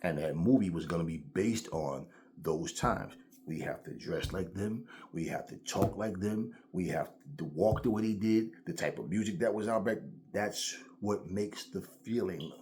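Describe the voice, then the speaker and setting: A man's voice: low-pitched, measured pace, a little mellow, slight background noise. Profane, blunt man ranting. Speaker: channel host. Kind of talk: ranting commentary vlog.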